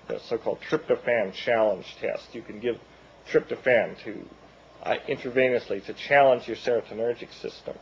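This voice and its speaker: A man losing his voice, giving an academic lecture in a halting way with many fillers and restarts. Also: mid-range voice, vocal fry, lo-fi sound, slight background noise.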